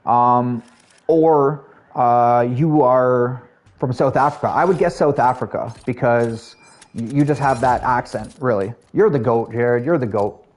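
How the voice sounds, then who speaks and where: A man's voice: medium pitch, unhurried, a little mellow. A man from Canada with a Canadian accent, chatting casually with his viewers while he plays a game, friendly and full of fillers. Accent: Canadian English. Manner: chatty, addresses chat and viewers by name, friendly filler-heavy talk. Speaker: streamer. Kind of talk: casual live-stream chat while gaming.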